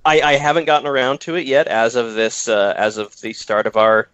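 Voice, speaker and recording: A man's voice: medium pitch, flat delivery, a little fast, fairly bright tone, clean tone, no room sound. A man on a podcast panel chatting casually, often restarting his sentences. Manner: stammering restarts. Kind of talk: casual chat. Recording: dull lo-fi mic.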